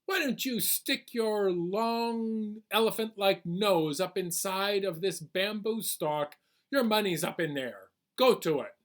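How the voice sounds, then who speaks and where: A man's voice: sits high, animated, voice pushed up. A man voicing a lazy, sly male spider trickster in a children's storytime, talking his way out of debts. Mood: pushy. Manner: wheedling, fast excuses.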